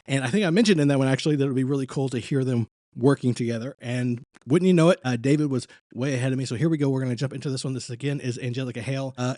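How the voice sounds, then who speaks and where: A man hosting a reaction channel talks over a singing lesson clip in an easy, thinking-aloud manner. His voice sits at an ordinary middle pitch and is recorded close and dry, with no room around it. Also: a little mellow, no room sound. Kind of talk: commentary on a vocal lesson video.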